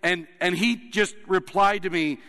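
A man preaching a sermon as pastor, telling stories earnestly with emphatic pauses. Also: sits high, fairly even intonation, pushed and bright. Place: church sanctuary. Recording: long reverb of a large hall.

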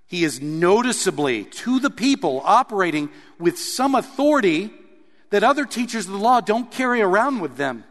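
A man preaching a sermon, reading scripture aloud and explaining it with animated emphasis. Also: high-pitched, normal speed, big-room sound. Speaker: pastor.

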